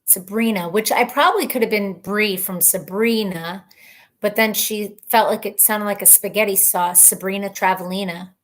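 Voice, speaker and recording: A woman hosting a casual live stream, reading viewer comments aloud in a chatty, rambling way, laughing often and thinking out loud. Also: mid-range voice, moderate pace. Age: adult mother of children.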